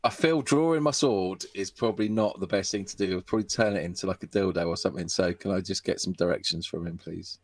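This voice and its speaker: Man, young adult, low voice, joking, casual stream banter. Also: quick pace, hardly any pauses, no echo. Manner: jokey, crude quips. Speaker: player. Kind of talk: casual banter during play.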